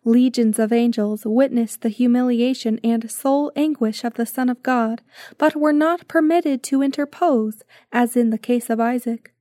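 A woman giving a scripted devotional reading in a solemn, measured way. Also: on the high side, warm tone, no room sound, studio quality. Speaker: devotional reader.

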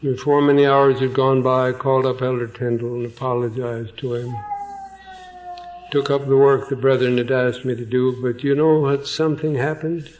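A man's voice: medium pitch, little pitch movement, a little mellow, rough recording. A man preaching an evening sermon, reading a passage aloud, then repeating key phrases and putting questions to his listeners. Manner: slow and deliberate, repeats phrases for emphasis. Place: evening church meeting.

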